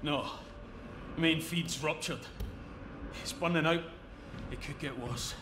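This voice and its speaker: A composed rig supervisor who gives clear orders. His voice is slightly higher, with a roomy echo. A noisy mix runs beneath it. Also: slow. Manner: instructive, steady. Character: calm male rig supervisor giving orders. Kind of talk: video game voice acting.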